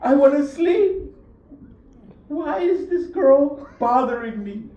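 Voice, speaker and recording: A woman's voice: high voice, lively intonation, slow pace, lo-fi sound. A woman voicing an irritated, scheming male tyrant king, heard from a distant mic in an echoey hall.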